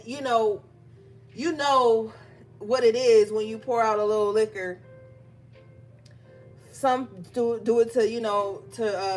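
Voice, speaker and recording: A woman giving a casual, emphatic tarot reading, talking straight to her viewers. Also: on the high side. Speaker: tarot reader.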